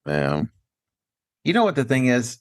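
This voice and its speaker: A man's voice: medium pitch, huge pitch swings, a little slow. A man co-hosting a casual podcast, speaking into a studio microphone and joking about himself with frequent laughs. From Maryland, USA. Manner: self-deprecating, joking, laughs often. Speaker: podcast co-host. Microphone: studio microphone with headphones.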